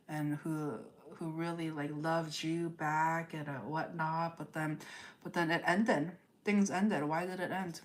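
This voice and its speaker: A woman giving a live-streamed tarot reading, talking straight to her viewers, repeating phrases and checking in with "okay?". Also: deep voice. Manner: addresses viewers directly, repeats phrases, ends points with "okay?". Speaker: tarot reader.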